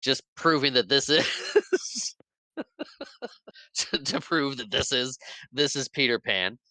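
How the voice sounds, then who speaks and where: A man hosting a casual podcast, retelling a film with lively energy. He often bursts into laughter and acts out the lines. His voice is bright and forward, and the recording is dry and close. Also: medium pitch, takes it slowly, no room sound, rough recording. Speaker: podcast co-host.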